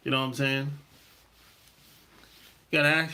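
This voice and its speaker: A man's voice: mid-range voice, level tone, normal speed, gravelly, bright, forceful tone. A middle-aged man hosting a podcast, talking in a casual, rambling monologue full of slang and laughs. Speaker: podcast host.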